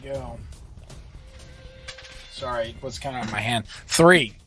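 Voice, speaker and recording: A man playing a tabletop game, describing his character's moves in a halting way, revising plans mid-sentence. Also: mid-range voice, fairly bright tone, soft background music. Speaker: player. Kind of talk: casual tabletop play.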